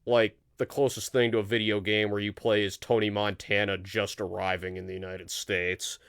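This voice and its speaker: Smooth, low-voiced man hosting a chat. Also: level tone, normal speed, fairly bright tone, no echo, studio quality. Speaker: podcast host. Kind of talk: casual live-show chat.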